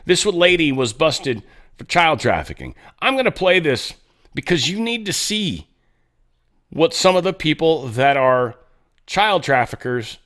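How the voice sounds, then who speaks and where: A man's voice: a little high, big pitch swings, unhurried, a bit bright. A man hosting a commentary show, rambling casually about headlines with sarcastic asides. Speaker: show host.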